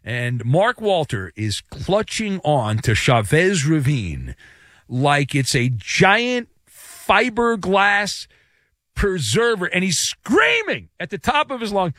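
A man's voice: sits high, wildly swooping pitch, slow pace, fairly bright tone, no echo, clean studio sound. A man giving a theatrical, jokey solo sports commentary with big vocal swings.

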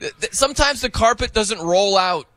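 Man, sports radio host, high voice, bright tone, jokey, playful. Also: lively intonation, moderate pace, dry recording. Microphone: studio microphone.

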